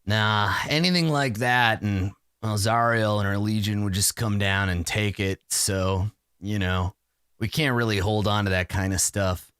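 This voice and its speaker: A man's voice: on the low side, steady tone, unhurried, a bit bright, clean tone, dry recording, studio quality, voice pushed down. A man voicing a laid-back male shopkeeper who drawls and talks like a slacker. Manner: drawling, unbothered slacker talk. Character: laid-back male shopkeeper, low and mellow, calls people dude and bro.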